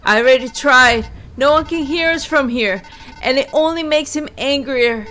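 A woman voicing a kidnapped middle-aged father, weary and frightened, reading his lines softly and plainly. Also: very high voice, moderate pace, soft background music.

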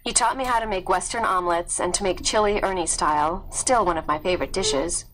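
A woman's voice: lowish voice, fairly quick, fairly bright tone, a little hiss or hum, low-quality recording. Woman reading a story aloud. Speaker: read-aloud narrator.

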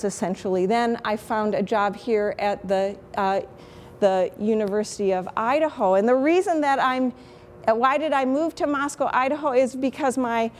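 Woman, 50s, Chicago accent, university lecturer; frank, self-deprecating, conversational; slightly high voice, faint noise behind. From Chicago, USA. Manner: candid, chatty, self-deprecating. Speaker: microbiology professor. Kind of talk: teaching talk on lecturing.

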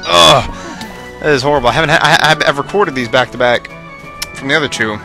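A young man giving casual, rambling commentary over a video game, his voice strained and worn out, bursting into excited shouts. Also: mid-range voice, quick pace, soft background music. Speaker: gaming commentator.

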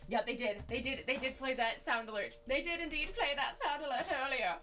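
A woman streamer chatting casually and loudly on a live stream, greeting viewers with a bubbly, giggly energy. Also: sits high, brisk, soft background music.

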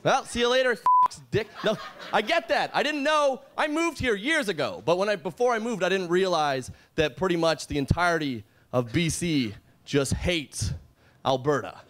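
A young man doing a stand-up set on a comedy club stage, from Calgary, talking in an animated way and breaking into loud shouts for the characters he quotes. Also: high-pitched, moderate pace, slight background noise. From Calgary, Canada.

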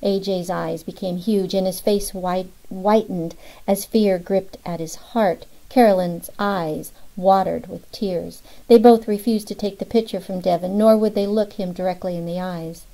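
A woman's voice: fairly even intonation, unhurried, vocal fry, mellow, poor audio. A woman narrating a novel as an audiobook, lifting her voice slightly for the characters' lines. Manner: reads all characters with small pitch lifts for dialogue.

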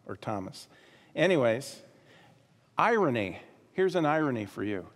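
Man, pastor, sermon, emphatic repetition, quiet asides, church sanctuary. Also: mid-range voice. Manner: emphatic, repeats key phrases, drops to quiet asides. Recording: long hall reverb.

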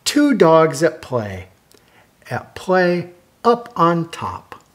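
An older man reading a children's picture book aloud, slow and lively, stopping to ask young listeners questions. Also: on the high side.

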